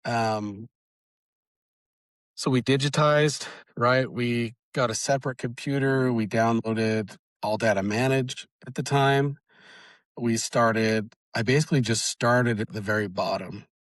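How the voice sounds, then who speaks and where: A man's voice: medium pitch, dry recording. Young guy interviewed about the family shop, stops and restarts a lot, dry close mic. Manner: halting, many restarts and fillers. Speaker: guest, auto shop owner's son. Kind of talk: conversational interview storytelling.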